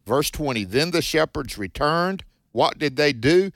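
A man's voice: on the high side, animated, dry recording, clean studio sound. A man hosting a radio Bible teaching show, reading verses and explaining them emphatically. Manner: warm-hearted, emphatic, reads scripture then comments quickly.

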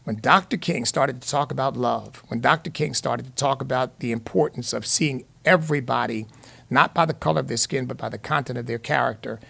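A man's voice: mid-range voice, gravelly, fairly bright tone. A middle-aged man hosting a call-in radio talk show, speaking in an emphatic, preacherly, folksy way. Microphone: studio microphone.

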